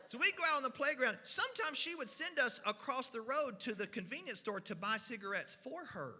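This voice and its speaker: A man, telling humorous stories at a church event in a folksy, animated way. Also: very high voice, in a large hall. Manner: folksy, animated, with drawn-out pauses. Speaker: storyteller. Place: church hall.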